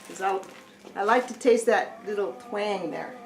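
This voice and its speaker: A middle-aged woman giving a casual cooking demonstration at home, chatty and often pausing to say okay and correct herself. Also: mid-range voice. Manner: chatty, keeps saying okay, corrects herself mid-sentence. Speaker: home cook teaching a family recipe. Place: home kitchen. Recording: echoey room, distant mic, faint hiss.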